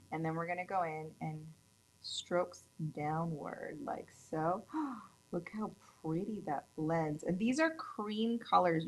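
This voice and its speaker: A woman in her thirties from California, working as a nail tech instructor, leads a casual tutorial demo in a lowish, creaky voice. She's chatty and upbeat, gushing over the colors, though the recording is rough.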